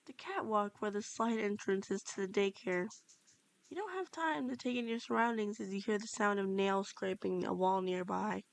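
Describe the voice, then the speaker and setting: A woman's voice: mid-range voice, normal speed, gravelly, no room sound. A woman narrating a second-person fan-fiction story, reading steadily with small slips and restarts. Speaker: fanfiction reader.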